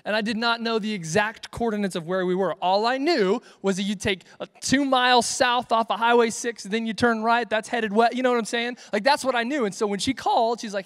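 A man's voice: high voice, a little fast, a bit bright, long reverb tail. A young man giving a casual, joking youth sermon on a livestream, rambling and correcting himself as he goes. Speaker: youth pastor.

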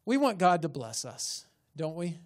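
A man's voice: on the high side, big pitch swings, a little slow. A man, a pastor, preaching a sermon and pressing his congregation with rhetorical questions and rising emphasis in a church sanctuary.

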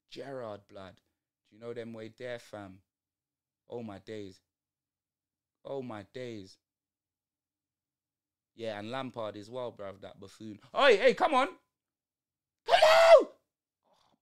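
A young man with a London accent, streaming a live football watch-along and reacting to the match in heavy slang. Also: medium pitch. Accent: London multicultural English. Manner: slangy, animated, exclaiming at the match.

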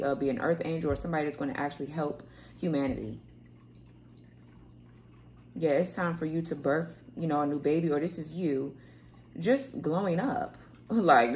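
Kids play outside while this woman does a tarot reading to camera in a room at home. She has a low-pitched, darkish voice and talks in a loose, rambling manner, repeating words and casually swearing, with slight background noise.

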